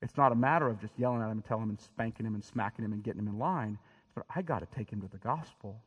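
A man's voice: lowish voice, rapid-fire, breathy edge, long reverb tail, dull audio. A man preaching a sermon as pastor, talking in a direct, emphatic way and often restarting his words. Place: church sanctuary.

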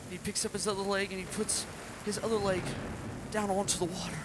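A man preaching at a children's service, telling the story dramatically and shouting out acted quotes. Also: high-pitched, level tone, fast talker, very noisy. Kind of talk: interactive children's sermon.

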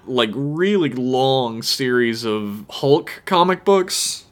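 A man's voice: medium pitch, expressive, slow pace. A man co-hosting a podcast, joking around and reading listener emails aloud in casual banter. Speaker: podcast co-host.

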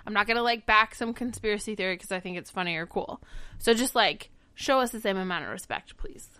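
Emphatic, sharp-voiced American woman. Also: medium pitch, a little fast, clean tone, dry recording. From United States. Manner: emphatic, profane, gets worked up. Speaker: podcast co-host. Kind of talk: casual podcast chat.

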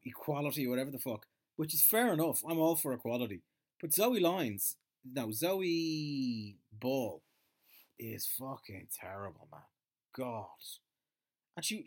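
A man raised in Ireland talks alone in a loose, rambling rant. He is sarcastic and swears freely, his voice sitting at an ordinary middle pitch. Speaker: solo commentator.

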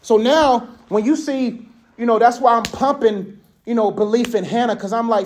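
Male preacher, casual storytelling sermon, animated and conversational, frequent laughter. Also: very high-pitched, moderate pace. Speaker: speaker.

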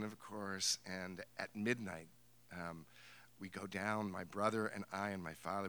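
Slow, gravelly, bright-voiced man storyteller. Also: fairly low pitch. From New Hampshire, USA. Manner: wry, amused, laughs through his story. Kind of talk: live storytelling to an audience. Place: theater stage.

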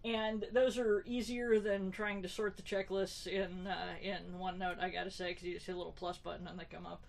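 A woman's voice: on the low side, level tone, brisk, gravelly. A woman co-hosting a podcast in casual chat, wry and talkative, with many fillers and restarts. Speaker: podcast co-host.

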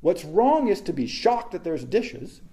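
A man's voice: high voice, a little slow. A man giving a casual reflective talk, telling stories and acting out quoted voices with animation. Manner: animated storytelling, acts out quotes.

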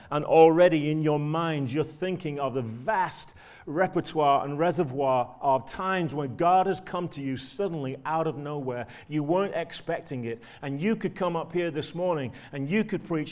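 A man preaching a sermon in a church with a fairly high voice. He keeps a conversational tone and often turns to the listeners with rhetorical tag questions. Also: normal speed, darkish tone.

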